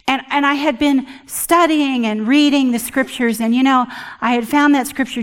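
An older woman giving an earnest personal testimony at church, halting often and restarting her sentences. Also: fairly high pitch, big-room sound. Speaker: church speaker.

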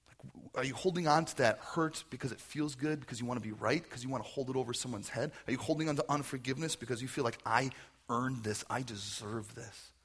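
A man preaching as a pastor at a church service, telling stories with energy and moving into quiet prayer. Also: mid-range voice, very fast, few pauses, husky. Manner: storytelling preacher, animated, ends in soft prayer. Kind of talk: sermon.

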